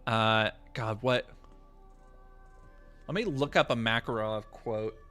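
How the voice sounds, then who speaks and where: A man's voice: mid-range voice, takes it slowly, bright, forceful tone, clear, resonant tone, faint music behind. A young man chatting on a live stream in a rambling, profane, jokey way, often restarting his sentences. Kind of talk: casual live-stream chat.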